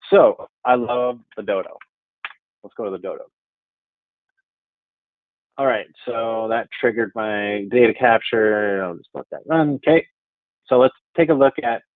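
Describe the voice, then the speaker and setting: A man presenting a live software demo webinar, walking through code in a casual, upbeat, chatty way. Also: medium pitch, animated, normal speed, pauses often, no echo, narrow, tinny audio. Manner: casual, upbeat, chatty with frequent "all right" and "okay, cool".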